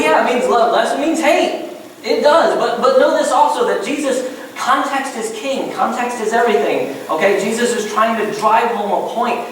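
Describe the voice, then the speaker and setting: Guy preaching a sermon, lively, acts out voices, echoey church from far off with faint room noise. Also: high-pitched. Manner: animated, acts out voices in scenes. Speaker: pastor. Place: church sanctuary.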